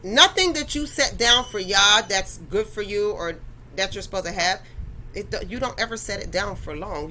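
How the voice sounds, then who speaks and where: Woman doing a casual faith talk podcast, bright sharp voice, talks right at you. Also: mid-range voice, a little hiss or hum, low-quality recording. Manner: conversational and preachy, addresses listeners directly. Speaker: podcast host.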